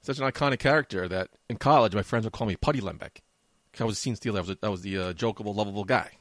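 Brief: middle-aged male podcast co-host, quick lively delivery, dry close sound, teasing. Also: lowish voice, no echo. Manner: teasing, mock-offended, fast joking. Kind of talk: casual banter.

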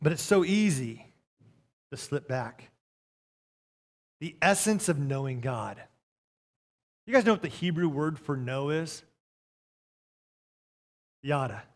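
A man preaching a sermon as pastor, reading scripture and telling a story, swinging between soft passages and loud ones. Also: fairly high pitch, animated, slow pace, pauses often.

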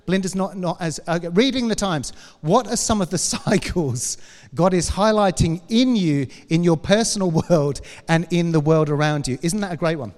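Casting: higher-voiced man, church class teacher, playful and chatty, big hall reverb. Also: a little mellow. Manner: playful, joking, chatty with audience.

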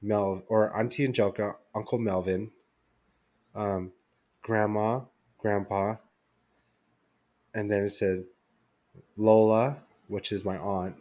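A man's voice: fairly low pitch, level tone, slow pace, long pauses, dark tone. A young man co-hosting a podcast, telling a story in casual chat with lots of fillers and restarts. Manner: rambling storytelling with many fillers. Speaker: podcast co-host.

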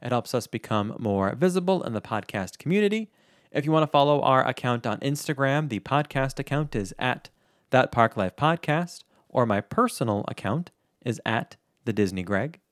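A man's voice: mid-range voice, expressive, normal speed, dry recording, studio quality. A man co-hosting a podcast, chatting casually through the show's outro and plugs. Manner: chatty, self-deprecating. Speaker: podcast co-host.

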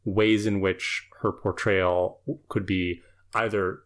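A podcast co-host giving thoughtful, measured commentary in casual chat. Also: low voice, little pitch movement. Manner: thoughtful, measured, uses fillers.

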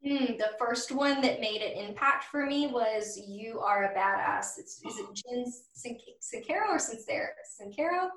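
A woman's voice: fairly high pitch, a little slow, few pauses, far from the mic. Chatty woman, echoey and off-mic. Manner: energetic and chatty. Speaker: podcast guest, anxiety coach for women. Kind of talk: casual podcast interview.

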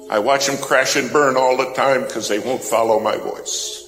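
A man's voice: medium pitch, fairly even intonation, moderate pace, fairly bright tone. Male preacher, dramatic storyteller, long-reverb hall with music underneath. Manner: dramatic storytelling, swelling emphasis. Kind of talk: sermon. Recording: echoey hall with music behind.

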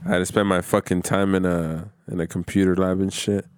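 A man speaking relaxed and matter-of-fact in casual chat, swearing easily. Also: sits low, brisk, smooth, no room sound, studio quality.

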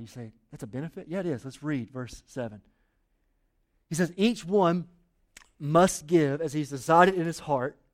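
A man, preaching a sermon in a conversational way and getting the congregation to read along. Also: a little high. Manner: conversational preaching with audience call-and-response. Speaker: pastor.

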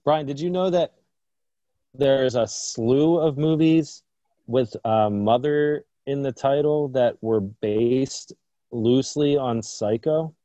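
A man co-hosting a podcast in loose, casual banter, trading jokes with a dry, deadpan delivery. His voice sits in a middle register and sounds dry and close, though the recording is a little dull and muffled. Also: mid-range voice, takes it slowly, dry recording. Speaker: podcast co-host.

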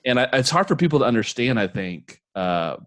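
A man's voice: mid-range voice, sing-song, fairly quick, fairly bright tone, no echo. A man co-hosting a podcast in casual chat, agreeable and prone to wandering anecdotes. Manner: agreeable, frequent "yeah", digressive anecdotes. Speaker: podcast co-host.

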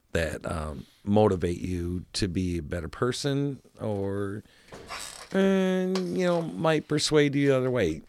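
A man's voice: on the low side, no echo. A man hosting a podcast in casual chat, rambling and laughing often as he talks.

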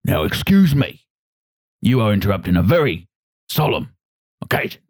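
A man's voice: lowish voice, big pitch swings, normal speed, darkish tone, no echo, studio quality. A man voicing a short, pompous male dwarf who scolds a wedding crasher. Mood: indignant.

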